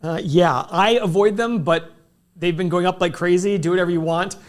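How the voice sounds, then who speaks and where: A man co-hosting a stock market livestream, chatting casually and telling a lively story with acted-out dialogue. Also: sits high, moderate pace. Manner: animated storyteller, acts out dialogue. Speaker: stock market show host.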